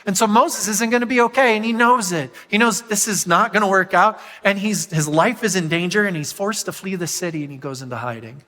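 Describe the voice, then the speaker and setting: A man with a high-leaning, bright and forceful voice preaches a sermon in a lively way, often asking his listeners questions. His voice carries a long echo from the large hall around him. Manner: animated, asks the crowd questions. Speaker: pastor.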